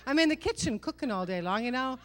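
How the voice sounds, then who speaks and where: A middle-aged woman with a high, animated voice is on stage doing stand-up comedy. She leans on punchy self-mockery and rapid rhetorical asides to the audience.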